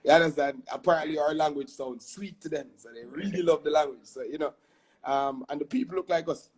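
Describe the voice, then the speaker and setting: Jamaican guy talking fast and lively in an interview, kinda husky voice. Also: fairly high pitch. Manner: animated, tag questions like "you see me?". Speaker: guest. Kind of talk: casual interview chat.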